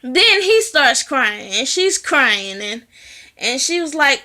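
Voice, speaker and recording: A woman's voice: high voice, sing-song, slow pace, bright, forceful tone. A woman recapping a movie in casual, chatty storytelling, swearing freely and filling with "you know". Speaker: movie reviewer.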